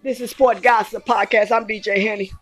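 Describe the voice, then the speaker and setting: A woman hosting a casual sports podcast, excitably reading scores and highlights with lots of slang and exclamations. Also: fairly quick, soft background music. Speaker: podcast host.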